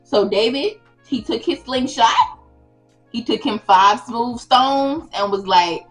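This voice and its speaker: A woman's voice: fairly high pitch, expressive, slow pace, a bit bright, soft background music, low-quality recording. A young woman retelling a Bible story in a casual, slangy, playful way as the host of her channel.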